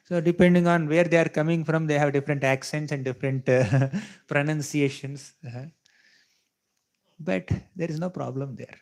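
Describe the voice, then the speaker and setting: A man with a slightly high voice speaks a little slowly and pauses often as he gives a devotional scripture talk to a live audience in a temple hall. He teaches conversationally, frequently checking "right?" and chuckling while he explains.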